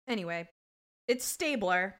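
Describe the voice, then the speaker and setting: A woman's voice: mid-range voice, measured pace. A woman co-hosting a podcast, recapping a TV episode in casual, emotional chat over a video call. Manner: animated, emotional, swears freely. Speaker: podcast co-host. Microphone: computer mic on a video call.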